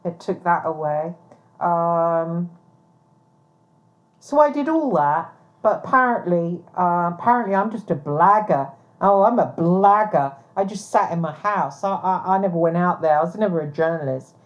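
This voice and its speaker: Low-voiced woman in a rambling monologue. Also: animated, normal speed. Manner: hesitant, many ums, blunt and swearing. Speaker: private investigator vlogger. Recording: dull lo-fi recording.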